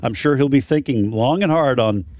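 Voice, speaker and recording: A man's voice: mid-range voice, normal speed, a little mellow. A man from the Boston area with a Boston accent, co-hosting a radio talk show, teasing and laughing along. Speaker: radio co-host.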